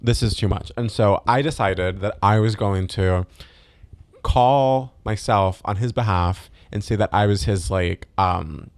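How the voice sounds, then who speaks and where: A man co-hosting a podcast, telling a story in a halting, casual way with lots of fillers. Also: fairly low pitch, no room sound. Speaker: podcast co-host. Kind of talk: casual chat.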